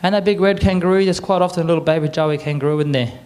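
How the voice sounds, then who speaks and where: An Australian man presenting to a live audience, chatty and a little croaky, getting the crowd to repeat words back. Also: a little high, steady tone, rapid-fire, darkish tone. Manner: chatty, quizzes the crowd with call-and-response. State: a bit croaky. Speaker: cultural presenter. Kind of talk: lively audience address.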